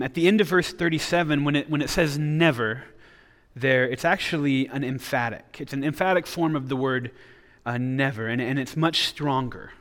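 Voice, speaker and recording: A man's voice: mid-range voice, fairly bright tone, big-room sound. A man preaching a sermon in an earnest way, often restarting his words as he explains. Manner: earnest, with frequent repeated restarts. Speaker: pastor.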